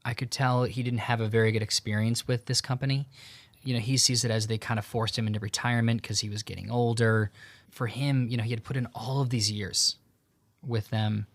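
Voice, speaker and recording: A young man hosting a podcast, retelling a story in a relaxed, casual way with lots of fillers and quoted dialogue. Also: medium pitch, brisk, no room sound. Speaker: podcast host. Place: home in Tucson.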